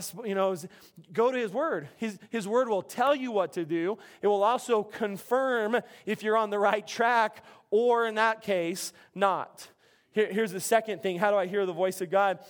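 Male pastor, middle-aged, high voice, casual animated sermon delivery. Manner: conversational, animated, self-interrupting preacher.

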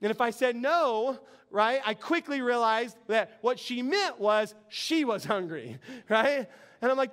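A middle-aged man delivers a sermon in a very high, smooth and clear voice. He preaches earnestly, with a conversational, storytelling manner. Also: expressive, a little slow, fairly bright tone. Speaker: pastor.

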